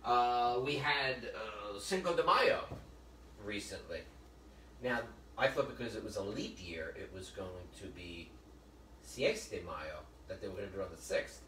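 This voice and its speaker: A man's voice: lowish voice, animated, moderate pace, sharp tone. A man hosting a live cooking demo as a chef, chatty and joking, often calling his viewers folks while he works. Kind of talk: live cooking demonstration with storytelling. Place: kitchen or library demo room. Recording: roomy, distant mic with faint noise.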